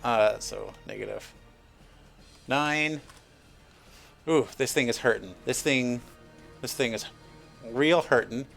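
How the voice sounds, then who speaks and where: A man running a tabletop game over a voice call, halting and repeating himself as he makes rulings. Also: medium pitch, creaky, fairly bright tone, soft background music. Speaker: game master. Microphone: voice chat call.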